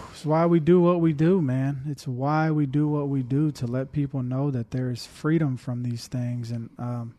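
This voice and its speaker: Mellow-voiced man, reflective co-host. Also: mid-range voice, fairly even intonation, a little slow, few pauses, no room sound. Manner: joking, then emotional and reflective. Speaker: recovery minister and podcast co-host. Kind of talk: casual reaction chat.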